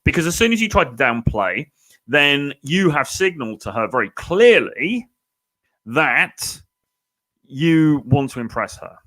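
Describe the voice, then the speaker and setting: A man coaching on dating in a relaxed, chatty way, full of "you know" and "okay?" asides. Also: fairly high pitch, a little slow. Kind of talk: casual advice talk to camera.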